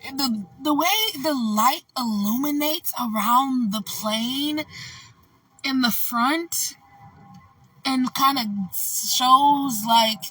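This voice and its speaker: A woman with a bright, fairly high voice tells a storytime vlog in a loose, rambling and candid way, leaning on "like" and "you know". She sits a little off the mic in a dry-sounding space. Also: extremely slow, slightly rough, no echo, recorded from a distance, low-quality recording. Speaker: vlogger.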